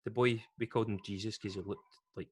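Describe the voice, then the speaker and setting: A man's voice: on the low side, steady tone, fast, darkish tone, breathy edge. A man with a Scottish accent, a podcast host telling a rambling story in casual chat and swearing freely.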